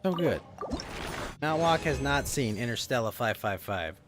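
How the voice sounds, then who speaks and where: A man's voice: medium pitch, lively intonation, a little slow, over music. A man streaming late at night, joking playfully and slipping into theatrical bits. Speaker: vtuber streamer. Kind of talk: casual chat.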